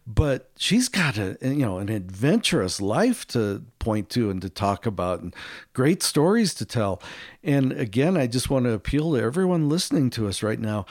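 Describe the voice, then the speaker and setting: A middle-aged American man from the United States, telling personal stories as a podcast guest and acting out quoted voices with lively jumps in pitch. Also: moderate pace, dry recording, studio quality. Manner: animated storyteller, acts out quotes with big pitch jumps. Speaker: guest, ministry author. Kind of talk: storytelling in a podcast interview.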